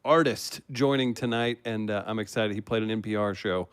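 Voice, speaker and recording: A man's voice: fairly low pitch, smooth, dry recording. Upbeat man hosting a livestream. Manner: upbeat, quick, laughs a lot. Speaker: host. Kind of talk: livestream hosting, casual chat.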